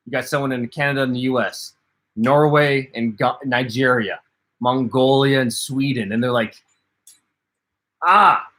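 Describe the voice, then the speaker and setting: A man co-hosts a casual livestream, chatting while he reads viewer comments aloud and responds to them. His voice is mid-range and a bit bright.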